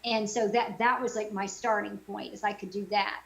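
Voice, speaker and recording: A woman's voice: mid-range voice, little pitch movement, moderate pace, vocal fry, rough recording. A middle-aged woman voice actor chatting casually in an interview over a video call, with lots of fillers. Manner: chatty, many fillers and self-quotes. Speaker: voice actor guest.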